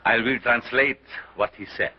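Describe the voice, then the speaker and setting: An actor playing a sinister, pompous mad scientist who lectures a carnival crowd in theatrical 1930s film style. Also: male voice, mid-range voice, moderate pace, noisy background, lightly acted. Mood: solemn. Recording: dull 1930s film soundtrack.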